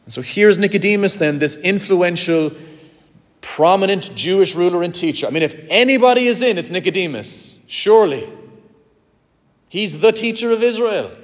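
A man preaching a sermon with emphatic, dramatic swings between loud and soft. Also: high voice, lively intonation, normal speed. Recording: long hall reverb.

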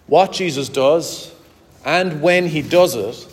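A pastor preaching a sermon to his congregation, earnest and direct, slowing down to stress key words. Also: fairly high pitch. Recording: long hall reverb.

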